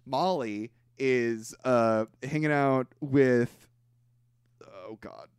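A man's voice: mid-range voice, drawn-out words, clear, resonant tone, dry recording, studio quality. A man co-hosting a casual podcast, retelling a movie plot with lots of acted-out quotes and frequent laughter. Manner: animated storytelling, laughs often, acts out quotes. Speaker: podcast co-host. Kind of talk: casual movie recap chat.

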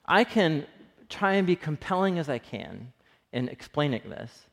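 Man, pastor, sermon, fairly high voice, long echoing reverb. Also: a little slow, vocal fry. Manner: conversational, animated, acts out quoted lines.

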